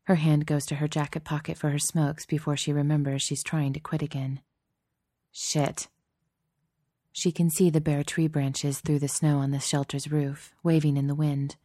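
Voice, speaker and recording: A woman narrating a story in a steady, measured, softly expressive way. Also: low voice, no echo, studio quality. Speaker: audiobook narrator.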